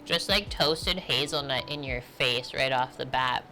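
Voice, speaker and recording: Low-voiced chatty woman streamer. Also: unhurried, bright, forceful tone, soft background music. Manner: chatty, answers chat, many "like" fillers. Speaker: live-stream cooking host. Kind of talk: casual live-stream chat.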